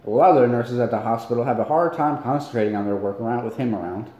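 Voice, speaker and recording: A man's voice: mid-range voice, quick pace, mellow, echoey room, lo-fi sound, close to an everyday voice. A man doing an easygoing small-town dad. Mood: amused.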